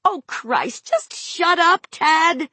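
A frazzled young mother in a storybook reading, voice climbing high and shrill when she snaps, as a woman reader puts her on. Her husky tone swings widely from a strained shout to a softer, worn-out murmur. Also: huge pitch swings, measured pace, dry recording, heavily acted. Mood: furious.

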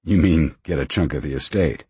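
A man playing a calm investigator pressing with plain questions. His voice is extremely deep and husky, in a dry, close sound. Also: moderate pace, no echo, heavily acted. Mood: probing.

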